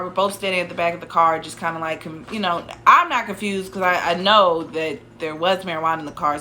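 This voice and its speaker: Young woman rambling thru a story, lots of restarts, kinda low but bright sharp voice. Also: a little hiss or hum. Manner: rambling, many restarts and "like" asides. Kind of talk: casual storytelling.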